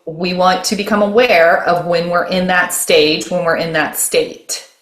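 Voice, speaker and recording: A woman with a lowish voice lays out her method to a host, step by step. She keeps restarting phrases and tags her points with a quick "okay?". The sound is roomy and echoey. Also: steady tone, fairly bright tone. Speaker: guest, nervous system mentor. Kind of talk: explaining her method in conversation. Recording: roomy echo.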